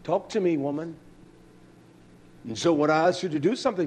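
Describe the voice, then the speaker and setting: A man preaching a sermon, swinging between raised shouting passages and low, confiding asides to the congregation. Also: a little fast, husky.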